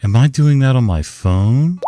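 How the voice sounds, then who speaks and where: A man voicing a slow, dim-witted male office worker in a drawling, turtle-like voice. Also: medium pitch, expressive, dark tone, no echo, soft background music, voice pushed up, natural voice. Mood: baffled.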